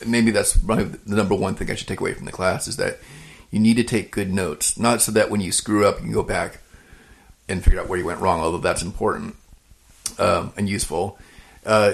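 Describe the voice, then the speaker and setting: A man co-hosting a podcast about home cheesemaking, talking in a relaxed, halting way with many restarts and easy laughs. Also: lowish voice, gravelly. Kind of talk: casual chat.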